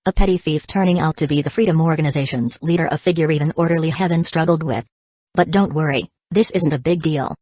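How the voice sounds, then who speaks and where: A woman narrating an audiobook in an even, steady reading voice. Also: low-pitched, fast, no room sound. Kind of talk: scripted narration.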